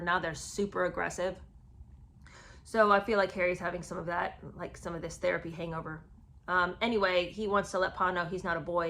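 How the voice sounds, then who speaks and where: A woman's voice: fairly low pitch, fairly bright tone. A woman giving casual, sarcastic commentary on a book, chatting with lots of ums and restarts. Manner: sarcastic, chatty, many fillers.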